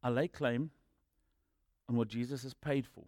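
A man preaching a sermon and telling personal stories, moving between loud emphatic lines and quiet asides. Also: mid-range voice, steady tone, unhurried, no room sound, clean studio sound. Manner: storytelling, swinging from loud emphasis to hushed asides.

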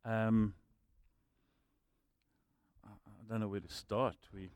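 A man preaching a sermon and telling personal stories, moving between loud emphatic lines and quiet asides. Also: on the low side, little pitch movement, slow pace, dry recording. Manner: storytelling, swinging from loud emphasis to hushed asides.

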